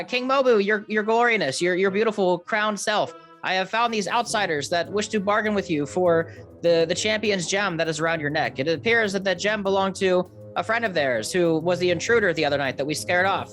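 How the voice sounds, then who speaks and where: A man voicing Jorby, a small male otter-folk guide who pleads and flatters his king. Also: high-pitched, brisk, soft background music, pitched above the performer's own voice. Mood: groveling.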